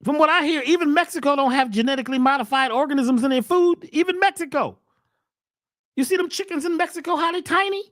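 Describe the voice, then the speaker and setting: A woman's voice: quick pace, dry recording, clean studio sound. A woman holding forth in a slangy, emphatic monologue, firing off rhetorical questions. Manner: rhetorical questions, animated swings in pitch and voice. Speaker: host, wellness speaker. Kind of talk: preachy monologue.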